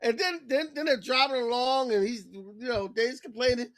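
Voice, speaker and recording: A woman co-hosting a casual podcast chat, retelling a sketch with animated storytelling. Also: fairly high pitch, moderate pace, dry recording, clean studio sound. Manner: animated storytelling, acts out quoted lines. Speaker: co-host.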